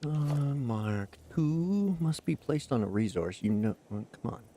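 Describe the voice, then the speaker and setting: A man's voice: fairly low pitch, big pitch swings, measured pace, warm tone, a little hiss or hum. A Canadian man in his forties streaming a game, laid-back, muttering at the game and thanking viewers in chat. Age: 40s. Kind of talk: live gameplay commentary with chat.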